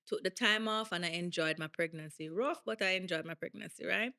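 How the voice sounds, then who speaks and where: A woman in her thirties from Jamaica, with a Jamaican accent, telling her story in an interview in an animated, emphatic way and slipping into patois. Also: lowish voice, fairly quick. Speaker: guest athlete.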